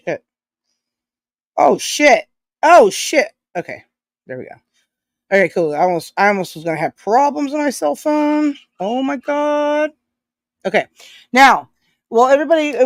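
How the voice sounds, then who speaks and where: Giggly, foul-mouthed woman streamer, very animated. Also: mid-range voice, dry recording. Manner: profane, giggly, rambling. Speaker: live streamer reading chat. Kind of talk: casual live-stream chat.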